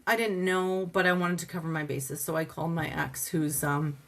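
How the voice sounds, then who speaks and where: A woman's voice: sits low, moderate pace. A woman from Canada, a podcast guest and advocate, telling her story casually, acting out conversations with many "like" fillers. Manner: lively storyteller who acts out dialogue, many "like" fillers.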